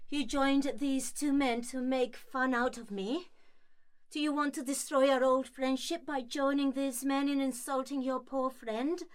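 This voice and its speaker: A woman's voice: high voice, level tone, measured pace, smooth. A woman playing Helena, a hurt young woman who speaks reproachfully and sarcastically, in an amateur stage-play reading.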